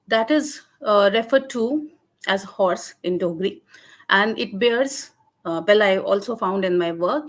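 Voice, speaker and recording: Woman lecturing on a video call, mid pitch, lots of uh and you know, restarts a lot. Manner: hesitant, many fillers and restarts. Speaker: webinar lecturer. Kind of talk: academic lecture.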